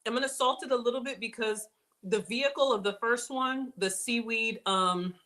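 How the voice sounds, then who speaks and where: A woman hosting a casual cooking demonstration, chatty and excitable, talking straight to her viewers as she builds a snack. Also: on the high side. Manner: bubbly, excitable, chatty, addresses viewers as y'all. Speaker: cooking show host.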